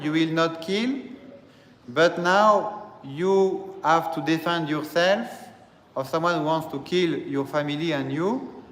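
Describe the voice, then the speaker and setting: A man who serves as a priest, delivering a slow, deliberate teaching sermon and repeating phrases as he explains. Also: on the high side, a bit bright. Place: church. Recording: echoey church hall, faint ambience.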